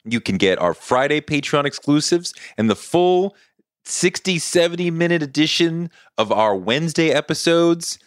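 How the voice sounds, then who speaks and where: A man hosting a podcast, introducing his guest and the episode in an earnest, measured way. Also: on the high side, expressive, no room sound, studio quality. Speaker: podcast host. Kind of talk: scripted introduction and interviewing.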